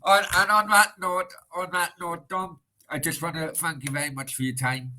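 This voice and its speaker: A man from Cardiff hosting a laid-back football chat. His voice is fairly high and very bright, and he speaks in a friendly, encouraging way with plenty of "uh" fillers. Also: little pitch movement, moderate pace. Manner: friendly, affirming, uses fillers. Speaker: host. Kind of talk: casual interview.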